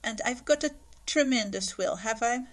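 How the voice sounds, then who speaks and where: A woman reading a gruff, blunt old gentleman who asks short, abrupt questions but is kind underneath. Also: very high voice, moderate pace. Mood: teasing. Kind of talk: audiobook character voice.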